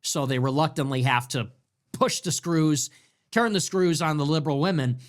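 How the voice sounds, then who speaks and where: A man's voice: fairly high pitch, moderate pace. A man hosting a political commentary show, ranting sarcastically and mockingly and throwing around crude insults.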